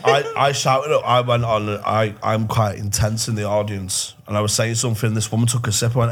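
A man's voice: lowish voice, brisk, fairly bright tone, a little hiss or hum. A young man, co-hosting a casual podcast chat, swearing and calling everyone "lad". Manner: swearing, laughing storyteller, says "lad" constantly. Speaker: podcast co-host.

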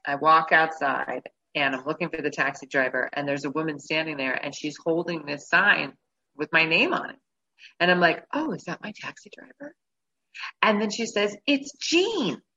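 A low-pitched woman with a bright, forceful edge tells a story casually and acts out her own reactions. The recording sounds a bit dull and lo-fi. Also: moderate pace. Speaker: guest telling a travel story.

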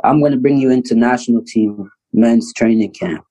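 Animated man telling his life story. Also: medium pitch, rough recording. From Canada. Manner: animated, fast storyteller full of "you know" and "like", acts out quotes; laughs often while telling his story. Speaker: podcast guest, pro basketball player. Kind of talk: casual storytelling interview.

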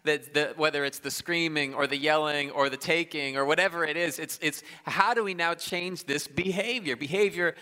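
A man in his thirties preaching a sermon in a large church, conversational and self-deprecating, with quick asides and restarts. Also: on the high side, bright, forceful tone, smooth. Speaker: pastor. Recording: live church hall with long reverb.

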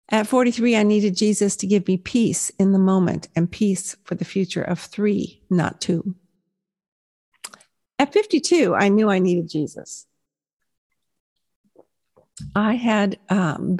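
A woman's voice: mid-range voice, unhurried, creaky, darkish tone. A woman in her sixties giving a personal faith testimony, telling her story in an earnest, reflective way. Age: 60s.

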